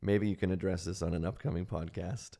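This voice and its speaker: A man's voice: low-pitched, steady tone, brisk, creaky, warm tone. A man hosting a casual theology podcast, joking with his co-hosts and reading a listener question aloud. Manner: jokey, laughs often, reads listener questions aloud. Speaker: podcast host. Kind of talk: casual chat.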